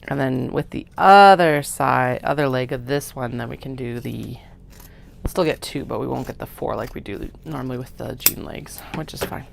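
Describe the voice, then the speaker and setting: A woman's voice: very deep voice, moderate pace, creaky, slight background noise. A woman chatting to herself while cutting fabric in her studio, casual and self-mocking. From Canada. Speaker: craft maker. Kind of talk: casual work-along vlog narration. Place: home sewing studio.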